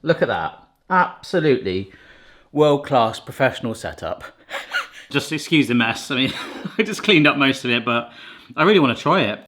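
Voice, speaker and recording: A man chatting cheerfully through a home cooking video. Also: moderate pace. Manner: chatty, jokey, lively pitch. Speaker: cooking vlogger. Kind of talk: casual cooking narration.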